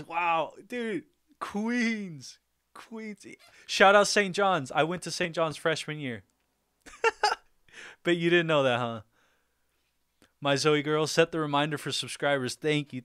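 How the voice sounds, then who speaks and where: A man's voice: a little high, measured pace, fairly bright tone, clear, resonant tone, dry recording, studio quality. A young man hosting a livestream, chatting casually and upbeat, laughing often as he reads out viewer comments. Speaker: livestream host.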